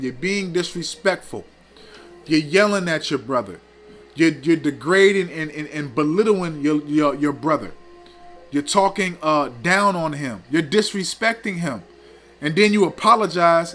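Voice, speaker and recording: A man's voice: sits high, fairly bright tone. A man teaching scripture in a scolding, preachy way, often tagging lines with "man" and "okay". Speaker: teacher of a religious group.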